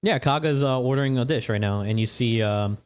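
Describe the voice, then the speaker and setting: A man's voice: medium pitch, brisk, clear, resonant tone. A man narrating a tabletop game as dungeon master, chatty and laughing often.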